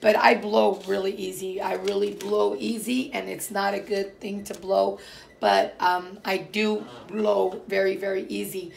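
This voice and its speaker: Gravelly woman talking to viewers. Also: mid-range voice, flat delivery, measured pace, a little mellow. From Portugal. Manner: rambling, emphatic, frequent fillers and restarts. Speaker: vlogger. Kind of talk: casual personal talk to viewers.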